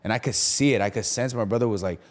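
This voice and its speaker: Talking fast in a voice on the low side, a young pastor speaks conversationally on a podcast. He uses lots of fillers and acts out the quotes he relays.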